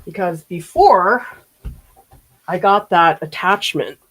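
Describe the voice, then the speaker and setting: A woman's voice: on the low side, expressive, slow pace, fairly bright tone, breathy edge, poor audio. A middle-aged woman from the Boston area who teaches art, chatting casually and laughing as she paints during a live demo. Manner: chatty, laughs often, muses aloud while painting.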